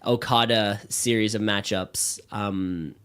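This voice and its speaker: A man co-hosting a podcast in a studio, chatting casually in an excitable, rambling way, with lots of fillers and swearing. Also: lowish voice, slow, clean tone. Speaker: podcast co-host.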